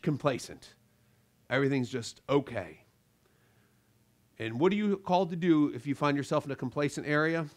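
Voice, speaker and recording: A man preaching a sermon from the pulpit, his voice sitting noticeably high for a man. He presses his points with emphatic rebukes and sudden quiet drops. He slips into the voices of the people he describes. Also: lively intonation, moderate pace. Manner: emphatic preaching with swings between loud and quiet; acts out quoted voices of listeners. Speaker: pastor.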